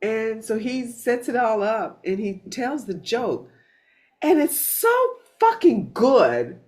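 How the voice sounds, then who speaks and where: A woman hosting a spiritual gathering, telling stories in a casual, animated way, with frequent restarts and some swearing. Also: fairly high pitch, slow pace. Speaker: satsang host.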